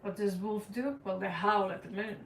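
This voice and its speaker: A woman's voice: mid-range voice, steady tone, moderate pace, slight background noise. A woman giving a casual tarot reading to camera, blunt and playful, laughing and repeating words for effect. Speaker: tarot card reader. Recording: echoey room, voice distant from the mic.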